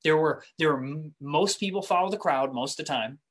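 A male preacher with a voice pitched a little above the usual for a man delivers a sermon in a relaxed, conversational way. He trips over restarts and repeated words, but the storytelling comes alive, speeding up and slowing down to drive home the key points.

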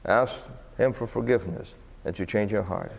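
A man's voice: on the low side, moderate pace, vocal fry, long reverb tail. A man preaching a sermon and telling stories, his voice climbing sharply when he acts out the people in them. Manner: animated, voice rising for quoted exclamations. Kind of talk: sermon storytelling.

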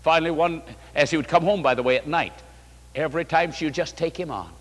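A man's voice: a little high, fast, big-room sound. A man preaching a sermon as a pastor, telling a counseling story, quoting scripture and acting out the dialogue.

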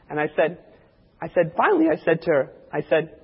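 A man's voice: on the high side, sing-song, brisk, breathy edge. A man preaching, telling a personal testimony and acting out the voices of the people in his story. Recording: dull lo-fi recording in a reverberant hall.

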